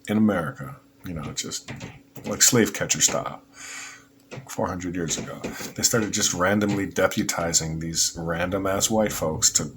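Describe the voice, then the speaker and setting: Man, podcast host, low deep voice, rambling and heated, faint hiss in the background. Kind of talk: casual political commentary.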